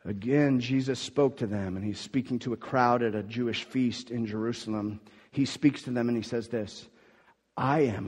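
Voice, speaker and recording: A male preacher gives a sermon with emphatic, conversational delivery, often stopping to repeat a word before he carries on. His voice sits at an ordinary pitch and carries a long reverb from a large hall. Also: moderate pace, a little mellow, breathy edge. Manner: emphatic, conversational, repeats words when restarting.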